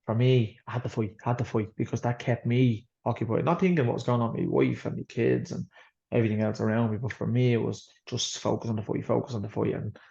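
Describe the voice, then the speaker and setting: A man with a medium-pitched, dark voice full of vocal fry speaks as a guest in an interview. He's an Irish boxer, blunt and freely swearing as he rambles through his story, on a slightly dull lo-fi recording.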